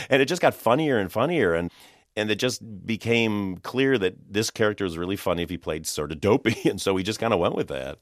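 A man's voice: fairly low pitch, expressive, fast talker, fairly bright tone, no echo, clean studio sound. A man, a film director, talking animatedly in an interview, laughing often and restarting his sentences as he goes. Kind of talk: conversational interview.

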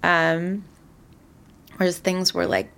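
Chatty woman with a gravelly voice. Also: on the low side, flat delivery, slow pace, fairly bright tone. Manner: chatty, retelling with voiced quotes and frequent likes. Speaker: guest. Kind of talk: casual storytelling.

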